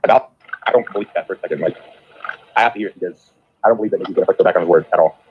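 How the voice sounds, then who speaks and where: A man's voice: low-pitched, rapid-fire, husky. A man on a call-in show, ranting about getting along, swearing often and rambling. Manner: profane, rambling, animated. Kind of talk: casual rant on a live show. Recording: phone-line call audio.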